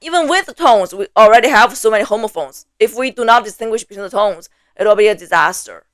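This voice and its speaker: A woman with a Mandarin Chinese accent gives a language lesson, friendly and explanatory, checking in with rhetorical questions. Her voice sits at a middle pitch. The recording is dry and close, with no room sound. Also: lively intonation, quick pace, no room sound. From China. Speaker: language teacher.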